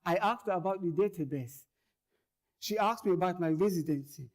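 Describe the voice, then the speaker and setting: A man's voice: sits high, moderate pace. A man performing a first-person monologue, telling his story earnestly and repeating words as it grows tense. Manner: earnest, repeats words and phrases, grows louder as tension builds.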